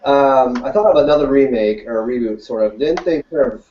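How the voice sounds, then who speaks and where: A man co-hosting a casual chat, loose and halting, laughing often. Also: medium pitch. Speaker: podcast co-host. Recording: roomy, distant, lo-fi with faint hiss.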